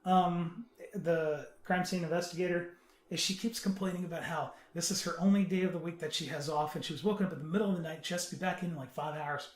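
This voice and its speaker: High-voiced man explaining, roomy echo. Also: steady tone. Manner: earnest, explanatory, halting. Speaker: podcast panelist. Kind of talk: casual podcast chat.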